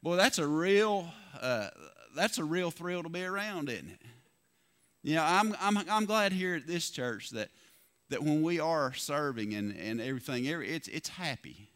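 A man preaching a sermon, folksy and lively, asking the congregation rhetorical questions. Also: on the high side, normal speed. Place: church.

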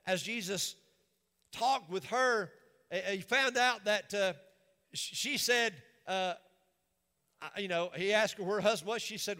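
A man preaching with a very high, bright, forceful voice and an emphatic, repetitive cadence. His words ring out with a long reverb, as in a large church sanctuary. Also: a little slow, pauses often. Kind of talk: sermon.

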